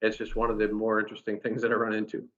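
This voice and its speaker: An engineer at a company experience center tells an animated story in a recorded talk, speaking casually in a lowish voice at a racing pace. He restarts often, and the lo-fi recording sounds dull and muffled.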